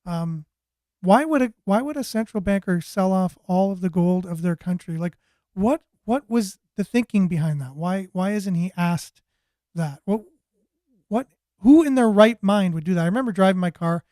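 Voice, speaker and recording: A man's voice: sits high, lively intonation, moderate pace, mellow, no echo, studio quality. A man hosting a commentary show, ranting sarcastically with a stream of rhetorical questions. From Canada. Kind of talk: political commentary monologue.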